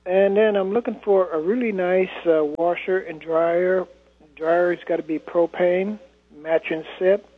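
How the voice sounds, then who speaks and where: A man's voice: fairly high pitch, husky. A man calling in to a radio show, talking plainly and hesitantly with many fillers. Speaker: caller. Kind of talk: phone-in call. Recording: tinny phone line.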